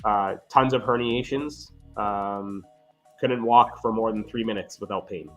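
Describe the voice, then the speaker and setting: A physiotherapist guest in a casual interview tells earnest, animated stories, often tagging lines with "right?" His lowish voice moves a little slowly over lo-fi audio, with faint music in the background.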